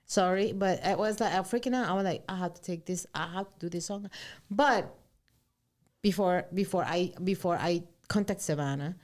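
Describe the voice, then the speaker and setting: Animated woman telling stories. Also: on the low side, moderate pace. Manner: animated storytelling, switching between English and Spanish, swears freely. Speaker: guest singer-songwriter. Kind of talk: casual interview chat.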